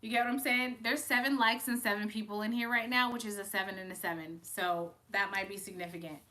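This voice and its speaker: A woman's voice: medium pitch, fairly even intonation, fairly quick, pushed and bright. A young woman giving casual, emotional tarot readings to viewers on a live stream, chatting and laughing as she goes.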